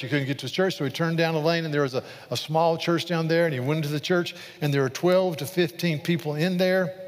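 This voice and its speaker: A man preaching a sermon, telling a story with animated, repetitive delivery and acting out the quoted preacher. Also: a little high. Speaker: pastor. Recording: long reverb of a large hall.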